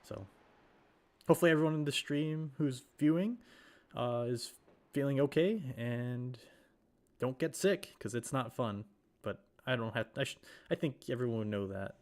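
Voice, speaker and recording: A man on a live stream calls a sim race while still getting over a cold. He rambles casually, corrects himself often and fills his pauses with lots of "uh" and "um". His voice sits at an ordinary middle pitch. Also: darkish tone. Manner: rambling, self-correcting, with many fillers. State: recovering from a cold. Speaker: sim racing commentator.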